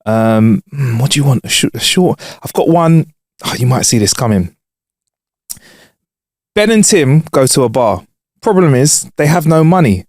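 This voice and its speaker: A lively man hosting a comedy podcast, reading out jokes and news stories with lots of laughter. His pitch swings widely as he talks, and the sound is dry and close. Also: normal speed, long pauses, no room sound. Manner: animated, laughs often, reads jokes and headlines aloud. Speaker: podcast co-host. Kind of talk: casual comedy chat.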